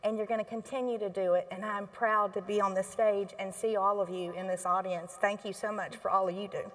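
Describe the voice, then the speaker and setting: A middle-aged woman speaking on stage to an audience, emotional and halting, often restarting her sentences. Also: mid-range voice, little pitch movement, fairly bright tone, long reverb tail, a little hiss or hum. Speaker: healthcare association board chair. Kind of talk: onstage talk to an audience. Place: stage in a large hall.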